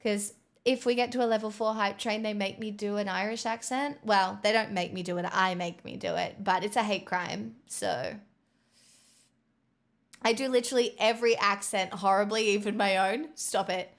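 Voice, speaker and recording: A woman's voice: mid-range voice, fairly even intonation, moderate pace. A woman livestreamer chatting casually on a headset mic, bubbly and rambling with self-mocking jokes.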